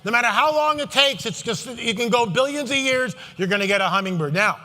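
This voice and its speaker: Sarcastic, animated conference speaker. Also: male voice, very high voice, fast talker. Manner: sarcastic, animated, rhetorical questions. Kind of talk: live Christian prophecy talk. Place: large hall. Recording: long hall reverb.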